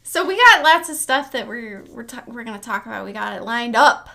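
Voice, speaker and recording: A woman hosting a casual podcast, giggly and animated, wrapping up the episode. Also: fairly high pitch, fairly quick, creaky. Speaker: podcast co-host. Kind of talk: casual chat.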